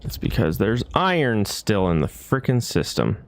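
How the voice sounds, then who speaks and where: While streaming a building game, a man casually talks to himself, muttering over his plans and grumbling when things go wrong or bugs annoy him. His voice is on the low side, with big pitch swings at a normal speed.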